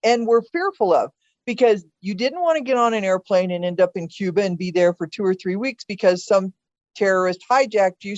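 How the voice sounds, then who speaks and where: In a dull, dry recording with no room sound, an older woman guesting on her child's podcast talks about past elections. She has a medium-pitched, slightly mellow voice, and her casual political talk is earnest and opinionated, with sentences she keeps restarting.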